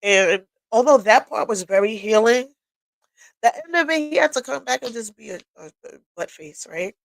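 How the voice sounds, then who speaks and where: A woman's voice: a little high, animated, normal speed, gravelly, no echo, poor audio. A woman hosting a livestream, telling her own story in a candid, emotional way, tearful and sniffling as she talks. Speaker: livestream host. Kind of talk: personal testimony talk. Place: home workshop.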